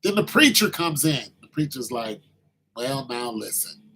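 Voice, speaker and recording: A man telling a story in a casual monologue, animated and slangy, acting out the quoted voices. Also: medium pitch, unhurried, rough recording.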